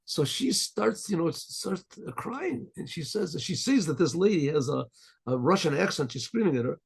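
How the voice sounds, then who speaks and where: A man's voice: a little high, animated, normal speed, vocal fry, slightly rough. A rabbi telling a story in a rambling, chatty way, chuckling as he goes.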